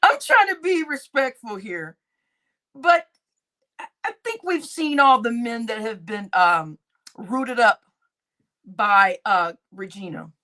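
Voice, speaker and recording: Woman vlogger spilling gossip, high voice swinging all over, laughs a lot and cusses. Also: expressive, takes it slowly, long pauses, bright, forceful tone. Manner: laughs often, swears freely, repeats phrases. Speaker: YouTube commentator. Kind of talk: casual gossip commentary.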